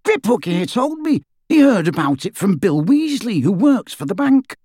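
A reader voicing an adult wizard on the run who speaks in a brisk, boastful manner. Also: mid-range voice, big pitch swings, darkish tone, slightly rough, no echo, clean studio sound, pitched above the performer's own voice. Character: gruff adult wizard on the run, dry humor. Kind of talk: audiobook character voice.

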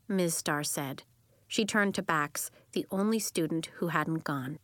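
A woman's voice: normal speed, no echo. A woman reading a children's chapter book aloud as narrator, giving the characters their own voices. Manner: acts out children's voices with lively pitch jumps. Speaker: audiobook narrator. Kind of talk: scripted storybook narration.

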